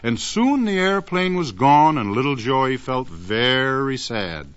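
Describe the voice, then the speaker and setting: This children's story is narrated by a man with a mid-range, very animated, slightly bright voice. He uses a sing-song delivery and elongates words for effect, all on a dull, lo-fi old recording.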